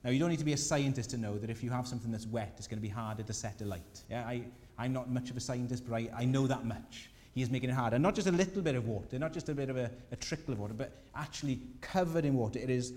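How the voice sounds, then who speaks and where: A man preaching a sermon, telling a scripture story with lively voices for the people in it. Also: medium pitch, fast, hardly any pauses. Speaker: pastor. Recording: long hall reverb.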